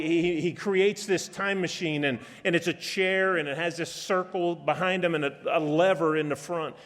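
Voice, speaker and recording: A man preaching a sermon in a church, talking in a conversational way with frequent restarts and fillers. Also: fairly high pitch. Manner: conversational, halting with many restarts. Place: church auditorium. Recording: long reverb of a church hall.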